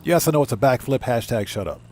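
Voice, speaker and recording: Male game streamer, relaxed rambling live commentary, mid-pitched. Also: fast, slight background noise. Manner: rambling, easygoing, many fillers and self-corrections. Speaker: GTA streamer and content creator. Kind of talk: live gameplay commentary, reading chat.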